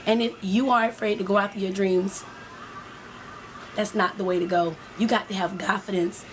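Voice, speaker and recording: A woman's voice: mid-range voice, slight background noise. A woman life coach giving a preachy, motivational talk to women, speaking straight to her viewers and repeating her points.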